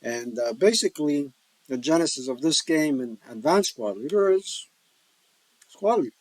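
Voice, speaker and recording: A man's voice: medium pitch, expressive, moderate pace, darkish tone, no room sound, low-quality recording. A man casually talking through a solo board wargame, joking and rambling with folksy asides. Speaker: board wargame player and host. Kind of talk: casual solo-play commentary.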